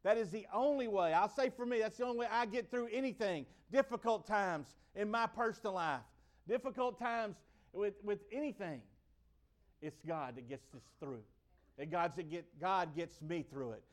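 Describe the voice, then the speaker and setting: A man's voice: sits high, moderate pace. A man from the United States preaching a sermon, emphatic and repeating his key phrases for weight.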